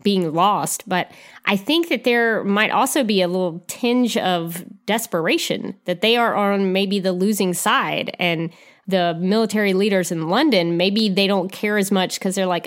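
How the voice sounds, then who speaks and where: A woman's voice: mid-range voice, a little slow. A woman casually discussing a film, hedging her points and hesitant, with restarts.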